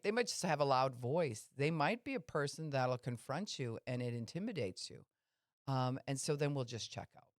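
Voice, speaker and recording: A woman's voice: rumbling low, darkish tone, no echo, studio quality. A woman pastor giving a conversational teaching talk on a podcast, explaining and asking listeners questions.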